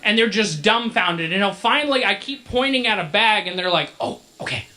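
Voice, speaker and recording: Bright-voiced joking male emcee. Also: high-pitched, lively intonation, fairly quick. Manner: joking, chatty filler banter. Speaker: masquerade emcee. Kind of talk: live emcee storytelling. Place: convention event hall. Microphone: handheld microphone.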